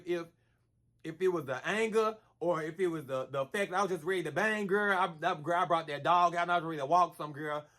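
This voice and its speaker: His voice sits high as this vlogger spins a casual, slangy story with animated delivery. He addresses the listener as "girl" again and again, mimicking each punch with sound effects.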